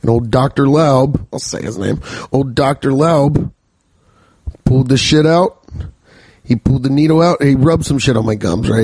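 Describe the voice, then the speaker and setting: A man hosting a podcast and telling comic stories, rambling and boisterous with plenty of swearing. His voice sits at an ordinary middle pitch. The sound is dry and close, with no room around it. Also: normal speed, darkish tone, no room sound. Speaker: podcast host. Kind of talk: casual comedic storytelling.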